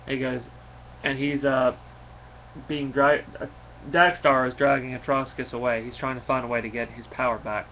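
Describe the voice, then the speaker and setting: A man casually recapping a comic book issue in a rambling, halting way, with many fillers and restarts. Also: mid-range voice, little pitch movement. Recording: slightly dull recording with faint noise.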